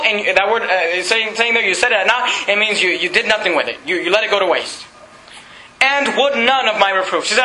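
A man preaching a sermon as pastor, animated, climbing to near-shouts and laughing through asides. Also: sits high, echoey room, a little hiss or hum, rough recording. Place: church.

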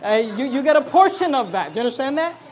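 A male pastor with a notably high-pitched voice delivers a fiery sermon in his church. He preaches emphatically, swinging between sudden loud, drawn-out declarations and quieter, conversational asides to the congregation. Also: sing-song. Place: church sanctuary.

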